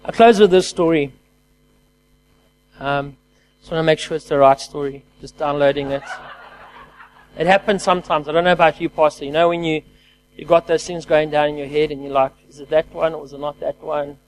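A man preaching a lively sermon who calls out to his congregation and swings between loud exclamations and quiet, hushed lines. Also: a little high, normal speed, long pauses, slight background noise, poor audio. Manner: energetic call-and-response preaching.

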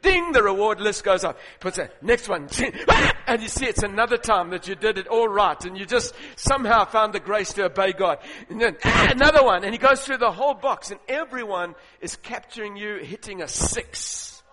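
An animated male preacher telling a humorous sermon story and acting out its scenes. His voice is high and bright. A long reverb from a large hall follows his words. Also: moderate pace, hardly any pauses.

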